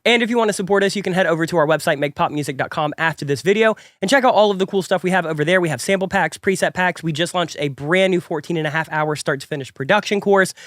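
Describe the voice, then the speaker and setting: A man's voice: on the high side, a bit bright, dry recording, clean studio sound. A young man with a stuffy, cold-affected voice, hosting a music production tutorial in an upbeat, chatty, rambling way. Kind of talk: casual tutorial talk.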